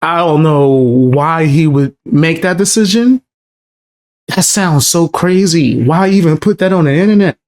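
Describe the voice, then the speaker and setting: A man's voice: fairly high pitch, a little mellow. Slangy man reacting on stream. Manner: slangy, blunt, keeps calling things crazy. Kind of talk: casual live reaction commentary.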